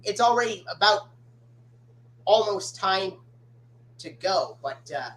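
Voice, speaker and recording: A woman hosting a casual chat stream, talking in a halting way as she discusses cartoon episodes. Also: mid-range voice, expressive, low-quality recording. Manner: halting, with fillers and restarts. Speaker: stream host.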